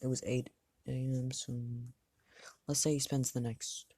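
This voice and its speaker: A man's voice: mid-range voice, flat delivery, a little slow, mellow. A man improvising and narrating a fan story aloud, thinking as he goes and often restarting his sentences.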